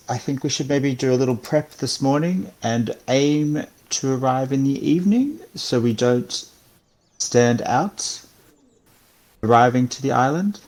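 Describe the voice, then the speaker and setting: A man's voice: medium pitch, measured pace, a little mellow, low-quality recording. A man playing a tabletop game, talking in a plain, matter-of-fact way. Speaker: player.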